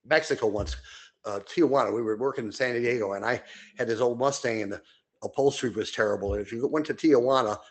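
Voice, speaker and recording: An older man co-hosting a podcast, telling long rambling anecdotes full of fillers and restarts, and jumping into high voices when he quotes people. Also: fast talker. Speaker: podcast co-host. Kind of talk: casual storytelling chat.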